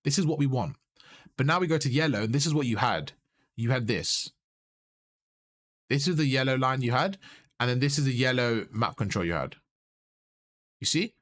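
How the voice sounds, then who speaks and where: A man's voice: mid-range voice, sing-song, normal speed, long pauses, a bit bright. Male gameplay coach, patient and instructive, narrating a match review. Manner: instructive, repeats points with "you see?". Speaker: game coach. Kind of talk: coaching commentary over gameplay.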